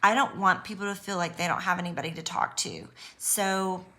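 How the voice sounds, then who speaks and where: A woman's voice: fairly low pitch, steady tone, a little fast, bright, forceful tone. A woman talking to camera in an unedited personal vlog, nervous and earnest, reassuring her viewers with lots of ums and restarts. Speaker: YouTuber speaking on abuse recovery.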